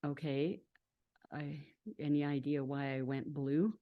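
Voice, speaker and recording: A woman with a low voice leads a group through a meditation exercise. She talks informally and chattily over a video call, with plenty of fillers and easy laughter. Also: little pitch movement, slow, phone-quality sound. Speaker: meditation teacher. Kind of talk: casual instructional talk guiding a group practice.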